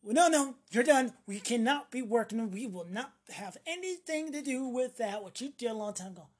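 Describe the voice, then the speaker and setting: A woman with a fairly high voice rants on camera in a loose, profane monologue. She is sarcastic and swears freely. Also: animated, normal speed, breathy edge. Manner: sarcastic, acts out mocking voices. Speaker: vlogger.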